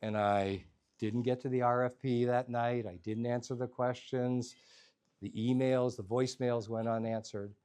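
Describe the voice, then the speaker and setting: A man telling a personal story to a live audience, in an animated, humorous, conversational way. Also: mid-range voice, normal speed, clean tone.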